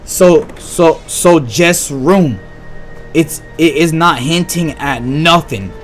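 A young man giving excitable, slang-heavy let's-play commentary on a horror game and reacting loudly to scares. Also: a little high, slow, faint music behind. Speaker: gaming YouTuber.

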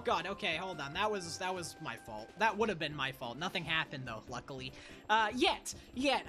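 Swearing woman ranting over a kart game. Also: mid-range voice. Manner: profane, frustrated ranting, yelling at the game. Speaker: gaming streamer. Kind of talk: live gameplay commentary. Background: faint game music.

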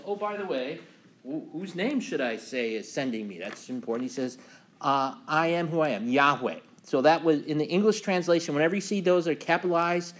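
Pastor, male, slightly high voice, relaxed Bible class teacher, loose and filler-heavy. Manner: relaxed, many ums and uhs, reads scripture aloud with emphasis.

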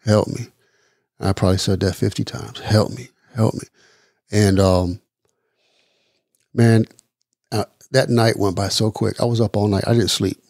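A middle-aged man from the Midwest of the United States, telling his personal story as a podcast guest in an earnest, halting way, repeating words as he goes. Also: fairly low pitch, steady tone, a little mellow, dry recording, studio quality. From East Chicago, Indiana. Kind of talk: personal testimony interview.

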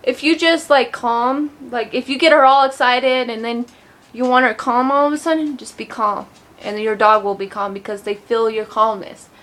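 A woman's voice: fairly high pitch, fairly even intonation, moderate pace, fairly bright tone. A young woman chatting casually in a home vlog, rambling with lots of ums and a loose, sweary way of talking. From Colorado, USA. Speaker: vlogger.

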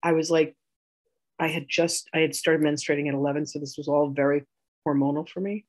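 A woman telling a personal story in a healing session, animated, acting out arguments and laughing. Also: sits low, brisk, poor audio.

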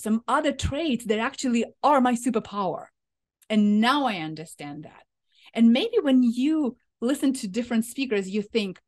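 A woman in her thirties coaching an audience on speaking style, her voice sitting a little high. She talks with fiery enthusiasm, pushing words hard and swinging her delivery for emphasis. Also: expressive, moderate pace. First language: Ukrainian. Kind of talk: motivational talk.

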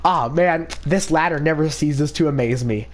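A man's voice: fairly high pitch, normal speed, slight background noise, natural voice. A man voicing a goofy, easygoing male cartoon dog in a Minecraft role-play, hesitant and stammering. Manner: hesitant, stammering, easily confused.

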